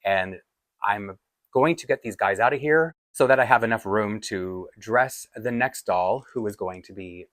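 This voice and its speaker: Chatty man, low voice. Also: fairly bright tone, dry recording. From Toronto, Canada. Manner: rambling, self-deprecating, chuckles often. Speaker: doll collector vlogger. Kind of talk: casual chat.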